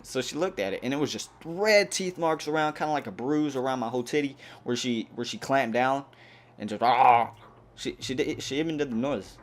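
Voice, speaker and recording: A young man hosting a gaming channel, telling a rambling, animated story over gameplay with plenty of fillers. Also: mid-range voice, brisk.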